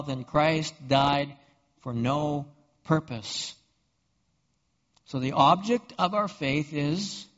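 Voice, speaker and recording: A high-voiced pastor preaching a sermon, posing rhetorical questions and stumbling over repeated words. The sound is dull and heard with a long, echoing hall reverb. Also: male voice, fairly bright tone.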